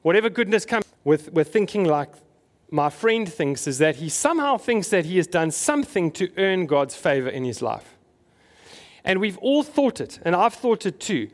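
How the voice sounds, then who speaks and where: Pastor preaching. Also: male voice, high-pitched, sing-song, normal speed. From South Africa. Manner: conversational, asks the congregation questions. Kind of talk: sermon.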